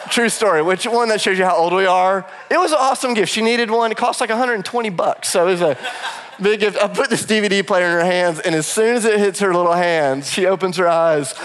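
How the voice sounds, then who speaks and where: A man in his thirties preaches in a church, his voice sitting a little high. He tells a story about himself in a self-deprecating way and laughs often. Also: a bit bright, clean tone. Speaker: pastor. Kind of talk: sermon with personal story. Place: church auditorium.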